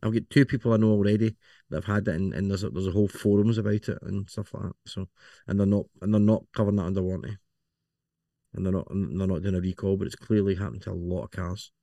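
A man's voice: deep voice, fairly even intonation, fast, creaky, warm tone, dry recording. A man with a Scottish accent, co-hosting a casual podcast chat and rambling, often repeating words as he thinks. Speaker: podcast co-host.

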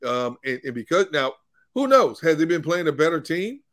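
A man's voice: a little high, sing-song, moderate pace, a bit bright, dry recording, studio quality. A man working as a football reporter and analyst, earnestly explaining and repeating his points on a sports talk show.

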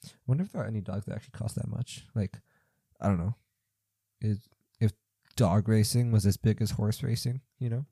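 A young man with a very dark, mellow voice and a somewhat low pitch rambles through odd news items. He sounds incredulous and thinks aloud with lots of fillers. He is recorded close and dry, with no room sound. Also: fairly quick, vocal fry, pauses often, breathy edge, no room sound. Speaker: podcast host. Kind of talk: casual commentary reading news stories aloud.

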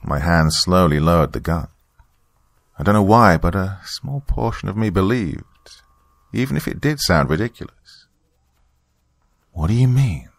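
A man narrating a first-person horror story in a steady, grave way. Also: sits low, normal speed, gravelly, dry recording.

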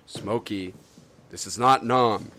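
An actor playing a hot-tempered, rule-obsessed middle-aged bowler who shouts demands in a movie scene. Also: male voice, fairly low pitch, takes it slowly, slight background noise. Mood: stern. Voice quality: forceful, shouting. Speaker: movie character.

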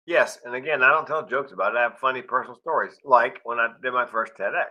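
A man's voice: medium pitch, fast talker, highs cut off. A middle-aged man, a guest speaker, telling wry personal stories and acting out dialogue. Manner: wry storyteller who acts out dialogue. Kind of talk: storytelling interview.

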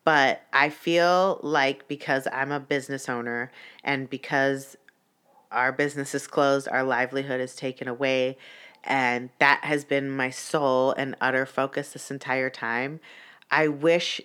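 Young woman, low voice, vlogger storytelling with lots of swearing and filler words. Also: steady tone, measured pace, fairly bright tone, smooth. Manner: profane, heated, many "like" fillers. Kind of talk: casual storytelling.

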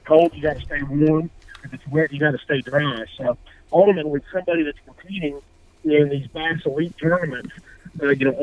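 A man's voice: on the high side, dry recording. Man on a tinny phone line. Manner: rambling, many fillers and restarts. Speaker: fishing apparel brand co-founder. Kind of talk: casual radio interview.

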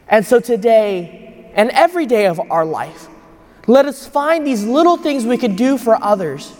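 A man's voice: very high-pitched, darkish tone. A young man giving a homily at Mass as a priest, telling a personal story in an earnest way. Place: church. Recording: long church reverb.

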